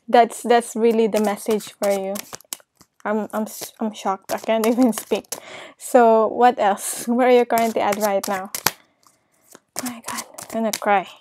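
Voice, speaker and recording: A little hiss or hum sits under this woman's warm, slightly high voice as she gives a casual tarot reading, a little slow and flat in delivery. She addresses the viewer directly, laughs a lot, says reassuring "okay?"s and is moved close to tears.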